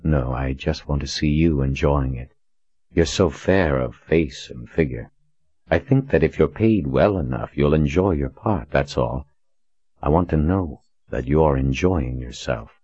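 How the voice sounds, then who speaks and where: A cool, controlled gentleman with a very deep, husky voice, as the narrator plays him. He speaks in a measured, understated way, recorded dry and dull. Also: heavily acted. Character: wealthy, cool, controlled male customer.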